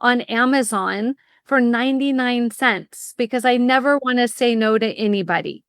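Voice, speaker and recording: Lively middle-aged woman, clear dry voice. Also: fairly high pitch, dry recording. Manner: lively storyteller, fast bursts when explaining. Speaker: guest, college admissions consultant. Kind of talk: casual interview chat.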